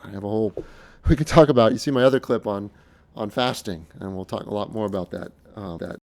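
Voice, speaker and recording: Earnest man with a gravelly low voice. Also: darkish tone. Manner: earnest, halting, with frequent restarts. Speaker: speaker recounting his experiences. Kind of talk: casual unscripted monologue.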